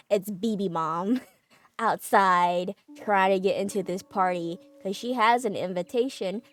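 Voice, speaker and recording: A woman streamer casually recapping a story, chatty, with many fillers and laughs. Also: lowish voice.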